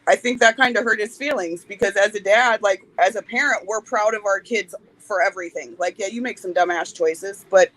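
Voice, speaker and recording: A woman's voice: medium pitch, a little fast, hardly any pauses, a bit bright, poor audio. A woman in her forties, a podcast guest speaking candidly in a blunt, plain-spoken way and swearing freely. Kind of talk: candid interview talk.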